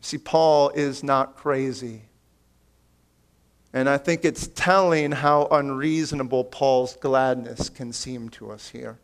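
Man, pastor, sermon, smooth clear voice, slow unhurried delivery, earnest and pleading. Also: steady tone. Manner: earnest, pleading, addresses listeners as friends; swings between raised emphatic lines and quiet low asides.

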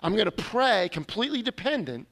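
A man's voice: high voice, very animated, fairly quick, fairly bright tone. A man preaching a sermon, telling a personal confession in an earnest, storytelling way with sudden emphatic rises. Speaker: pastor.

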